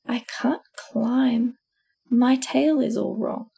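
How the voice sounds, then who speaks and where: A woman voicing a gentle, eager female wallaby with a very soft voice in a storybook. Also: on the high side, fairly even intonation, slow, vocal fry, husky, full character voice. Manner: very soft-spoken.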